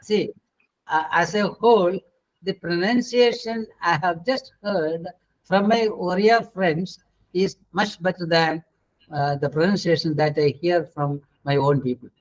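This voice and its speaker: A middle-aged man with an Indian English accent leads an online pronunciation lesson in a high voice. He is patient and corrective, often pausing to search for words. The webinar audio is dull and lo-fi. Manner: patient, corrects students, many hesitant fillers. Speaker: English teacher. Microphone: video call.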